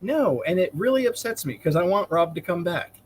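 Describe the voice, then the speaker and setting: A man's voice: sits high, lively intonation, fairly quick. A man playing as a contestant on a podcast game show, answering in short, dry replies. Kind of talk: casual podcast chat.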